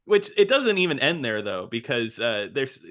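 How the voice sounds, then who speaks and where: A man co-hosting a movie podcast, recapping scenes in relaxed chat with frequent chuckles. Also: medium pitch, moderate pace. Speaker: podcast co-host. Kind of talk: casual chat.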